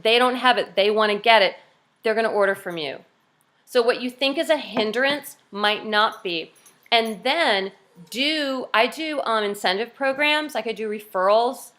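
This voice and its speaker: Upbeat woman coach on a video call, chatty, talks to her team like friends. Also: fairly bright tone. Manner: chatty and upbeat, acts out cheerful quotes in a high voice.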